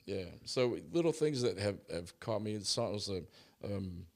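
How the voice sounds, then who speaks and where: Low-pitched male musician guest, lively storyteller, casual and chatty. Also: normal speed. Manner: animated storyteller, acts out quotes. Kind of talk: casual interview chat.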